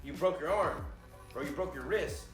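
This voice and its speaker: Man doing a concerned grandpa, calm, steady questions, slightly lower voice, echoey room. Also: normal speed, far from the mic, faint music behind.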